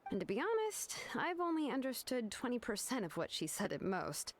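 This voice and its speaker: A woman's voice: a little high, huge pitch swings, a little fast, background noise. An actress voicing an easygoing adult woman artisan in a video game, talking casually.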